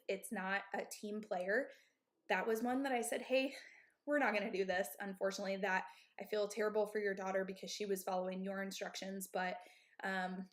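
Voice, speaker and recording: This is a woman in her thirties who runs a gym, speaking candidly to other owners on a live stream. She talks emphatically and checks in with her listeners often. Her voice sits at an ordinary middle pitch for a woman. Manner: candid, emphatic, asks "okay?" and "right?" often. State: out of breath. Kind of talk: live-stream advice talk.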